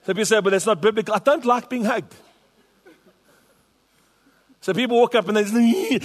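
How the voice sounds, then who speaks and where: A man's voice: sits high, fast talker. Pastor guy preaching, repeats himself for emphasis, big echoey church. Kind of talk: sermon. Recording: long hall reverb.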